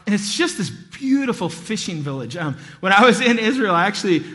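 Bright-voiced man preaching in a hall. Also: sits high, fairly quick. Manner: animated storytelling, acts out voices. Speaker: pastor. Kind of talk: sermon. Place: church hall.

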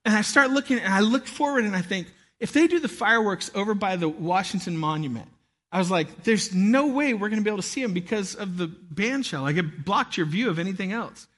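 A man in his thirties preaching a sermon, telling a lively story with acted-out shouts and laughter. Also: high voice, fairly quick. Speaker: pastor.

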